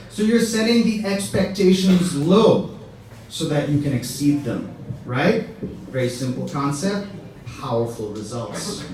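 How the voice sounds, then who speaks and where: Young male stand-up, chatty, checks in with the crowd constantly, higher voice, distant mic, faint room noise. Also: darkish tone, very echoey. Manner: conversational, keeps asking "right?". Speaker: stand-up comedian. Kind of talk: stand-up routine. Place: comedy stage with live audience.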